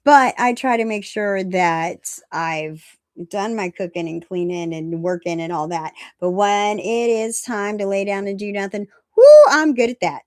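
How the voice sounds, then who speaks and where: A woman's voice: mid-range voice, steady tone, a little slow, smooth, no room sound, studio quality. A woman in her fifties hosting a recovery talk, blunt and self-mocking, stressing her points by repeating phrases and laughing at her own jokes. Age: 50s. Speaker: recovery meeting host. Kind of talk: casual live-stream talk.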